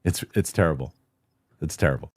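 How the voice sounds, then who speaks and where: A man hosting a casual live stream, reading viewer comments aloud in an animated, chatty way and laughing easily. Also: extremely low pitch, a little fast, slightly rough, no room sound, studio quality. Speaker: show host.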